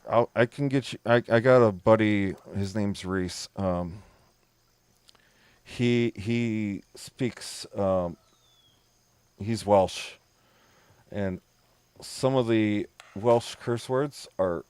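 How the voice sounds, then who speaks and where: Heard in a dry recording, this game streamer has a lowish, darkish, clean-toned voice. His live-stream chat with viewers is casual and rambling, packed with laughter and free swearing.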